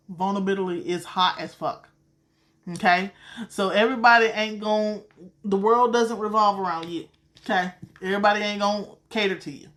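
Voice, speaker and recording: A woman with a Southern accent chats through a tarot reading on a live stream, her voice sitting in a middling pitch. She is blunt and profane, swearing freely while calling her viewers sweetheart. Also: a bit bright. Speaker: tarot card reader. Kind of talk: casual live-stream chat.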